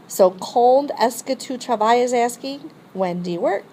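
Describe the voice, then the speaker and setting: A woman's voice: a little high, lively intonation, normal speed, few pauses, warm tone, poor audio. A woman teacher explaining a French grammar lesson step by step and modeling phrases for students to repeat. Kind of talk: recorded classroom lesson.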